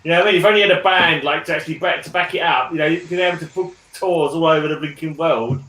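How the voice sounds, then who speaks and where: A man's voice: on the high side, racing, echoey room, low-quality recording. A man in casual chat, blunt and slangy, with some swearing. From United Kingdom. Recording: loud crowd noise behind.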